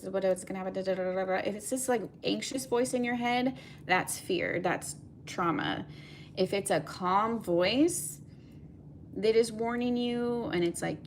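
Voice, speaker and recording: A woman's voice: mid-range voice, a little hiss or hum. A young woman giving a collective tarot reading, talking in a meandering way with many fillers. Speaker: tarot reader.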